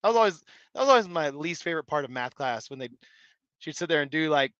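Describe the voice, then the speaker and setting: A man's voice: a little high, lively intonation, quick pace, a bit bright, dry recording, highs cut off. A man hosting a live stream, chatting casually and rambling with many restarts and fillers. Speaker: live stream host reading chat. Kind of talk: casual chat.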